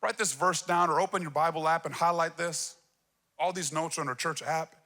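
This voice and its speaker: A male pastor preaching a sermon from a church stage, energetic and emphatic. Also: on the high side, fairly quick.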